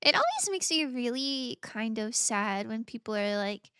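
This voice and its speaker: A woman's voice: fairly high pitch, very animated, a little slow, fairly bright tone, smooth, no echo, studio quality. A woman streamer chatting casually while playing games, bubbly and gushing, laughing often. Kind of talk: casual gaming stream chat.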